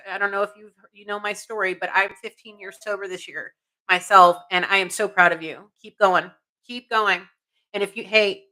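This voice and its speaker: A woman of about forty with a medium-pitched, pushed, bright voice comes through a rough recording. An intuitive reader hosting a live spiritual reading, she answers chat earnestly and encouragingly, emphatic and repetitive, restarting often and checking in with "okay?".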